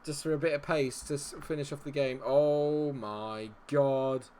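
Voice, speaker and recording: Excitable man yelling at a game. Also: fairly high pitch, fast talker. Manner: excitable, swears, swings from muttering to yelling. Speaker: gaming streamer. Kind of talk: live game commentary.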